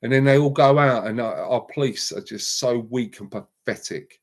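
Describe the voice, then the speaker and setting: A man's voice: medium pitch, moderate pace. A man hosting a live stream and ranting heatedly, with repeated emphatic outbursts and words said over and over. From England.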